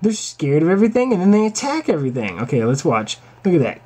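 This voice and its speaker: A man's voice: a little high, sing-song, fast talker, dark tone. A man vlogger ranting casually over a video, exasperated, crude and repetitive.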